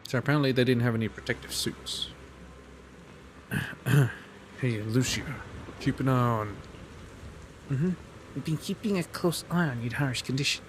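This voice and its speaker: A man narrating his game playthrough, reading story text aloud in a plain, steady voice at a medium pitch. A faint noise sits behind him. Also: moderate pace, long pauses. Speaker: gameplay narrator.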